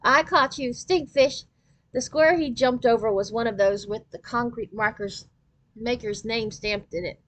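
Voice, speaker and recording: A woman reading a children's novel aloud in an expressive storytelling voice. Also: fairly high pitch, normal speed, rough recording.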